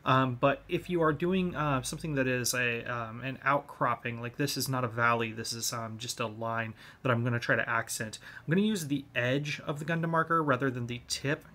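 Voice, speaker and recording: A man's voice: mid-range voice, a little fast, few pauses, bright, forceful tone. A man giving a hobby tutorial on model kits, explaining each step in a laid-back way.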